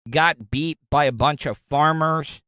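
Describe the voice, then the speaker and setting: A man's voice: on the high side, measured pace, pushed and bright, clean tone, no room sound, clean studio sound. A man hosting a casual solo show, talking in a rambling, joking way. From Florida, USA. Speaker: podcast host.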